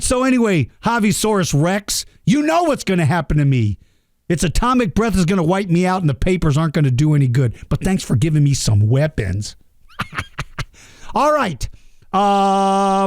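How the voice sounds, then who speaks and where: A man's voice: sits high, no room sound, clean studio sound. A man hosting a dinosaur podcast for kids, talking casually, rambling and joking at himself. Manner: rambling and jokey, laughs at himself. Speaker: podcast host.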